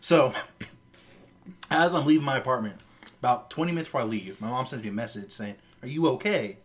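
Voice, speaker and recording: A man co-hosting a casual podcast, telling a story in a lively, profane way. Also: medium pitch, brisk. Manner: animated storyteller, swears freely. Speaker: podcast co-host.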